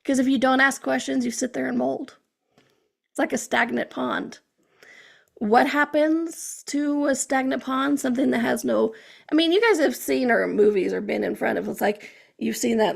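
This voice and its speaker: A woman hosting her own podcast delivers a loose, animated motivational monologue in a slightly high voice with strong gravelly fry. Chatty throughout, she keeps checking in with listeners by asking a quick "okay?".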